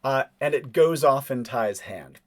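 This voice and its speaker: A man narrating as game master of a tabletop role-playing game, easygoing, with halting asides and frequent chuckles. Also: medium pitch.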